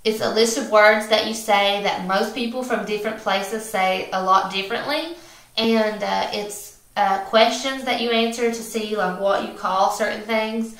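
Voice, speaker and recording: A woman's voice: mid-range voice, normal speed, fairly bright tone. A young woman from West Virginia with a West Virginia accent, chatting casually in a vlog with many fillers and small laughs. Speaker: beauty vlogger. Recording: echoey room.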